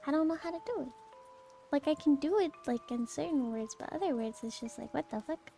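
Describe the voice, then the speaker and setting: Giggly high-voiced young woman streamer. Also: lively intonation, brisk, creaky, warm tone, soft background music. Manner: giggly, rambling, reads and answers chat. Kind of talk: casual stream chat.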